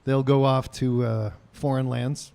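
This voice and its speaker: A man's voice: medium pitch, little pitch movement, unhurried, gravelly, mellow, smooth. A man hosting a casual podcast, telling a rambling story full of ums and uhs with dry jokes. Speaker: podcast host.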